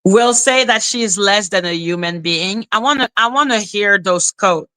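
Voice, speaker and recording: A woman's voice: mid-range voice, moderate pace, pushed and bright. A woman giving casual reaction commentary as a YouTuber, blunt and profane as she talks back at clips.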